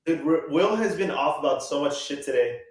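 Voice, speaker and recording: Man, American accent, podcast co-host, confident, swaggering, casual swearing, slightly high voice, heavy room echo. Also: lively intonation, a little fast. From United States. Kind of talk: casual chat. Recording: very echoey room.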